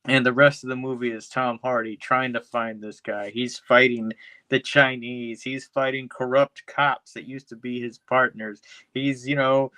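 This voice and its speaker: A man's voice: mid-range voice, flat delivery, a little slow, sharp tone, no echo. A man co-hosting a podcast, recapping a film in a loose, profane, rambling way. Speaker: podcast co-host. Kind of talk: casual podcast chat.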